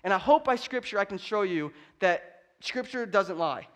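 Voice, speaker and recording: A high-pitched man in his thirties delivers a sermon in a relaxed, conversational way. He mixes humor with his preaching. At key points he builds to loud, emphatic declarations. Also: moderate pace. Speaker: pastor.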